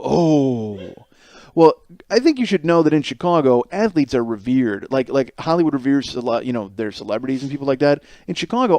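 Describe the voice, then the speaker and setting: A man's voice: a little high, a little mellow, dry recording. Profane rambling man in his forties. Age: 40s. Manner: rambling, profane, self-mocking. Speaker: podcast host. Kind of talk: solo comedic podcast monologue.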